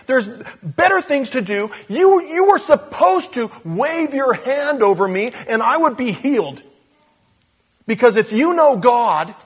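A man voicing a proud, demanding army commander in a shrill, affronted tone. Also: husky, heavily acted.

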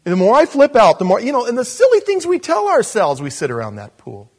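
A pastor with a very high voice preaches a sermon at a quick pace. He's animated and self-deprecating, chuckling and acting out voices whenever he quotes people.

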